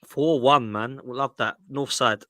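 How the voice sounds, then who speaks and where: A man's voice: medium pitch, fairly even intonation, unhurried, fairly bright tone, no room sound, studio quality. A man hosting a football podcast, upbeat and matey, calling everyone "mate" and "man". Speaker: podcast host. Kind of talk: casual podcast chat.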